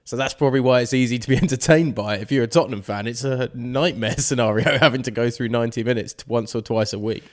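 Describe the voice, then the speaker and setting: A man's voice: mid-range voice, fast, few pauses. A man co-hosting a casual sports podcast, arguing his points heatedly. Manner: heated, argumentative. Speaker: podcast co-host.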